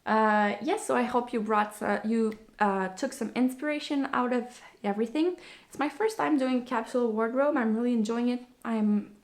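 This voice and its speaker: Breathless woman chatting on her podcast. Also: fairly high pitch. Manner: rambling, with frequent fillers and restarts. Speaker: podcast host. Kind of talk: casual chat.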